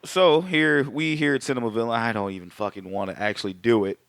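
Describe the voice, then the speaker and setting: A man's voice: medium pitch, quick pace, fairly bright tone, clean tone, no echo, studio quality. A man co-hosting a podcast, reviewing a film in casual, profane, rambling chat. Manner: profane, rambling, laid-back. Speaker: podcast co-host.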